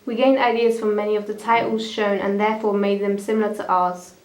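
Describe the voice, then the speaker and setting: A woman's voice: medium pitch, level tone, brisk, reverberant, rough recording. A young woman reading a school media evaluation, often stumbling and restarting her lines. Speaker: student presenter.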